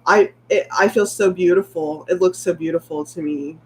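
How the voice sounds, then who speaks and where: A woman's voice: lowish voice, normal speed, few pauses, a little hiss or hum. Candid woman in her late thirties. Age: late 30s. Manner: candid, rambling, heartfelt. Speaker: vlogger. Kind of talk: casual livestream chat reading viewer comments.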